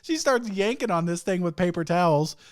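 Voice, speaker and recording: Speaking briskly in a high, expressive voice, a young podcast host rants on his own show. He tells meandering, foul-mouthed stories and laughs often.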